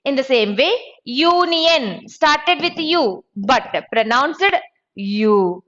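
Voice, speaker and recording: A woman teaching an exam-prep grammar lesson, slow and deliberate, spelling out letters and sounds. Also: sits high, expressive, a bit bright, lo-fi sound.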